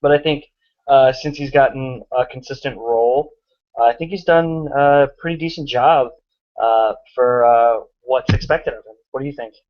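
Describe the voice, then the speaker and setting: A man's voice: mid-range voice, moderate pace, lo-fi sound. A man co-hosting a casual sports podcast over a remote call, joking and full of fillers. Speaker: podcast co-host.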